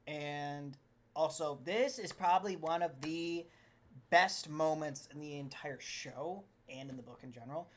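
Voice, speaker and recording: A woman's voice: low voice, measured pace. A woman co-hosting a podcast, gushing and laughing often in casual chat about a show. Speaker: podcast co-host.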